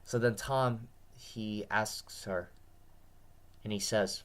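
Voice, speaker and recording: Man, lowish voice, tired, dry throat, rambling, repeats himself. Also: fairly even intonation, takes it slowly, pauses often, a bit bright. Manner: repetitive, earnest, restarts often. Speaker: vlogger. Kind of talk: casual rambling monologue.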